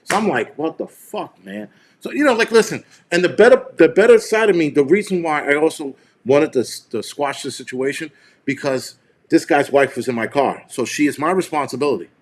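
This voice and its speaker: A man's voice: fairly high pitch, a little fast, slight background noise. A man hosting a live stream, retelling a tense encounter in a heated, profane, rambling way. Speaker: show host.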